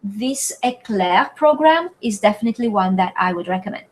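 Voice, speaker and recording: A French-accented woman tutoring over a video call, her voice sitting at a middling pitch. She talks haltingly, trailing off and filling gaps with ums as she hunts for words. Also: animated, low-quality recording. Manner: hesitant, searching for words with many fillers. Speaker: French tutor hosting a webinar. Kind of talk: live online Q&A lesson. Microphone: computer mic on a video call.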